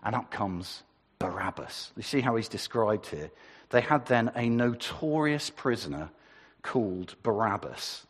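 Male preacher, husky, lively up-and-down delivery, church reverb. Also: on the low side, a little slow. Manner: lively, conversational, asks the congregation questions. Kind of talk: sermon.

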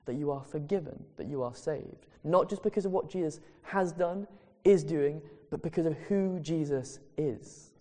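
A man preaching a sermon in a church, earnest and emphatic, slowing down on key phrases. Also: a little high, mellow. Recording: long reverb of a large hall.

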